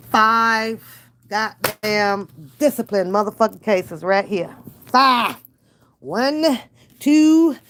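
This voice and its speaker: A woman talking casually on a live stream, blunt and heavily profane, joking and laughing often. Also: mid-range voice. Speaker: reaction streamer.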